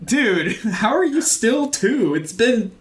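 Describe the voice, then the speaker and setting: This thirty-something podcast co-host speaks at an extremely high pitch and a slow pace, with slight background noise. He keeps the chat casual, laughing frequently as he tells animated stories.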